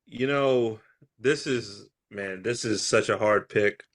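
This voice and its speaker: A man co-hosting a podcast in casual chat, animated and laughing, acting out ranting voices. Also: on the low side, slow pace. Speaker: podcast co-host.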